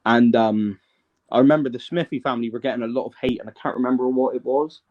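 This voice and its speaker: A man's voice: medium pitch, fairly even intonation, fast, darkish tone, lo-fi sound. A man, a guest in a casual live-stream interview, telling his story in a rambling, hesitant way and often checking that the listener is following.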